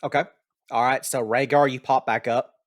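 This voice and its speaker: A man narrating a tabletop game as game master, in a slow and rambling way with restarts. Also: medium pitch, fairly even intonation.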